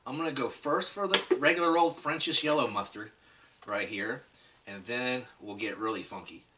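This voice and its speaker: A man's voice: medium pitch, normal speed, far from the mic, noisy background. A man chatting enthusiastically through a casual food review, talking straight to his viewers.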